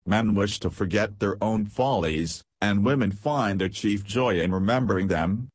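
A man reading the lines of a scheming older aristocratic woman in an audiobook, with a mocking drawl and a husky voice. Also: lowish voice, moderate pace, dry recording, clean studio sound.

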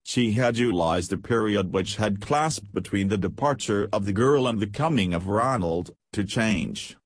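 Male audiobook narrator, low voice, dry close recording, measured pace. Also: slightly rough, no room sound. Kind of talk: scripted narration.

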